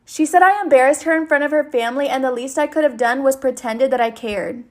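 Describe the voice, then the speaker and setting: High-voiced woman reading a story aloud. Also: quick pace.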